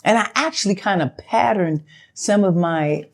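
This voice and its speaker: An older woman, an actress, telling a story in a sit-down interview in a chatty, animated way and acting out the dialogue. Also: normal speed, gravelly. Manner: animated, acts out quoted dialogue with big pitch jumps; chatty, loose, with fillers and self-interruptions.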